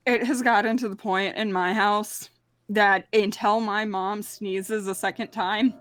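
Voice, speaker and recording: A woman's voice: medium pitch, steady tone, a little slow, a bit bright, no echo. A woman sharing small stories at a tabletop game session. She speaks plainly and evenly, in a mid-range voice. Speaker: player. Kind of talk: casual chat at a tabletop game.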